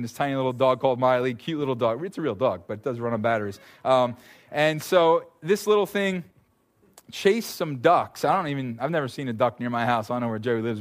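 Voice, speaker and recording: A man in his thirties preaching a sermon as a pastor, telling stories with lively, sudden loud bursts. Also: a little high.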